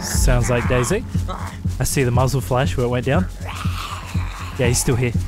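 A man's voice: medium pitch, steady tone, normal speed, loud music behind the voice. A man with an Australian accent, streaming a game and throwing out brash, profane trash talk. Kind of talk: gaming stream commentary.

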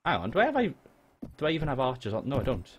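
A man with a Welsh accent chatting jokily and excitably while livestreaming a game, swearing now and then. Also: medium pitch, racing, highs cut off, background noise. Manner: excitable, jokey, swears freely. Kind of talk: casual live gameplay chat. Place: home room.

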